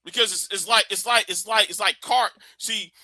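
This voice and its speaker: A man ranting on his livestream in a high, very bright voice. He is blunt, profane and emphatic, and the sound is dry and close. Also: moderate pace, no room sound. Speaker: livestream host. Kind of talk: heated commentary rant.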